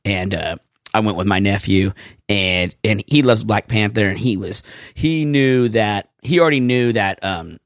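A man co-hosting a podcast, chatting casually and telling rambling stories, getting animated when he quotes people. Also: on the low side, measured pace, no echo, studio quality. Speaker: podcast co-host. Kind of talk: casual chat.

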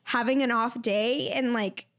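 An American woman co-hosting a podcast, animated and giggly as she retells funny stories. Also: fairly high pitch, a little slow. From United States. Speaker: podcast co-host. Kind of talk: casual chat.

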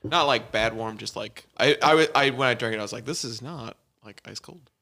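Male co-host, bright crisp tone, relaxed joking tasting chat. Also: medium pitch, moderate pace. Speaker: podcast co-host. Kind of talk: casual beer-tasting chat.

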